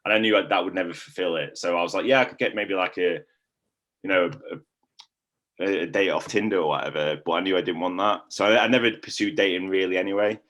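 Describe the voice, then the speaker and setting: A man's voice: low voice, fairly even intonation, fast, a bit bright. A young man, chatting casually in a testimonial and rambling with lots of filler words. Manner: rambling, heavy use of "like" fillers. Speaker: coaching client.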